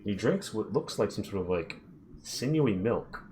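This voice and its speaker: A man narrating a tabletop game as its game master, with a fairly low voice. He rambles casually and often pauses with fillers. His pace stays easy and unhurried. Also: animated, a little mellow, a little hiss or hum.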